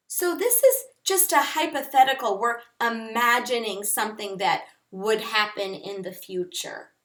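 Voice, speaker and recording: A woman teacher slowly and clearly explaining English grammar to learners. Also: on the high side. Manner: slow, clear, deliberate teaching delivery. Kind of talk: instructional lesson. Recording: echoey room, voice off-mic.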